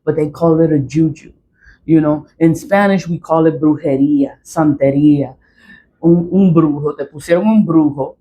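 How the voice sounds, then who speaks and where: A woman's voice: deep voice, moderate pace, mellow, highs cut off, a little hiss or hum. A woman telling a personal story in a casual vlog, blunt and profane, repeating herself for emphasis. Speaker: vlogger.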